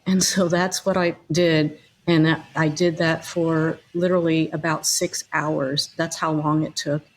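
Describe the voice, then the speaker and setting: A middle-aged woman talks through her own story as a podcast guest. Her voice sits somewhat low, and her delivery is conversational, full of fillers and small restarts. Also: little pitch movement, unhurried, slight background noise. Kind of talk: personal storytelling in interview.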